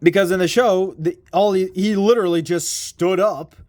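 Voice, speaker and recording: A man's voice: high-pitched, fairly even intonation, normal speed, a little mellow. A man giving a casual toy review, rambling and self-deprecating, with casual swearing.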